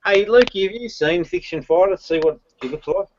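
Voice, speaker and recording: A man's voice: sits high, lively intonation, fairly quick. An Australian man hosting a live stream, laughing often and teasing in Aussie slang. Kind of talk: casual live-stream banter. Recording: lo-fi stream audio with faint hiss.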